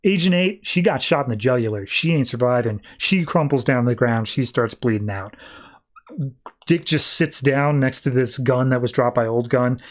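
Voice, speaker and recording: Male podcast host, casual rambling recap, mid pitch, keeps slipping into quick voices. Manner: rambling, many "like"s, acts out quotes in quick voices. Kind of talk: casual comic book recap.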